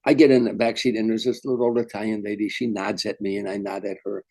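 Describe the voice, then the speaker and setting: An older man, a veteran comedian, telling lively anecdotes in an interview and acting out the voices of people in his stories. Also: lowish voice, fast talker. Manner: animated storyteller, acts out quotes. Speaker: guest comedian. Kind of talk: storytelling interview.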